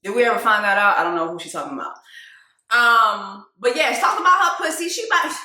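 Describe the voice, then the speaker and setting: A woman giving loud, animated casual commentary on a song, laughing often and jumping between low asides and high exclamations. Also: fast, reverberant. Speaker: video host reacting to a song.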